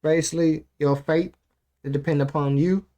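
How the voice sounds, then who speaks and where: Male reactor host, casual slangy commentary, somewhat high and flat delivery. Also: moderate pace. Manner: slangy, loose, talks straight to viewers. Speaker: channel host reacting to an audiobook.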